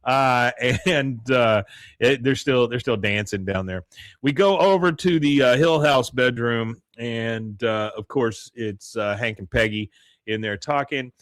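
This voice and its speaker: A man's voice: mid-range voice, a little slow, fairly bright tone, dry recording, studio quality. A man co-hosting a podcast, casually recapping a cartoon episode in a rambling way, often laughing and acting out the characters' lines. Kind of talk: casual chat.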